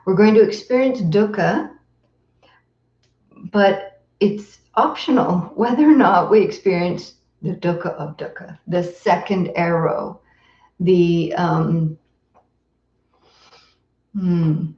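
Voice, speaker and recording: A woman meditation teacher giving a live-streamed dharma talk in a gentle, tender, unhurried way with soft pauses. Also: fairly low pitch. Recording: roomy echo, dull lo-fi sound.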